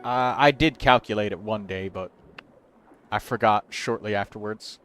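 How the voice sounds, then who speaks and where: A man's voice: lowish voice, moderate pace, fairly bright tone, faint music behind. A man hosting a game livestream, reviewing viewers' characters in casual, chatty commentary and thinking aloud as he counts numbers.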